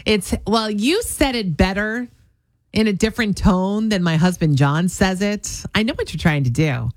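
Animated woman radio co-host, lively pitch. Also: normal speed, no echo. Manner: animated, laughing, talks over her partner. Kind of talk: casual radio banter.

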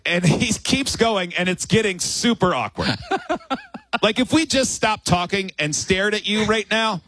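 A man co-hosting a radio show, telling a story with lively acted-out quotes. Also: sits high, measured pace. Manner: animated storyteller, acts out quotes. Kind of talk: morning radio banter, storytelling. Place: radio studio on location at a bar.

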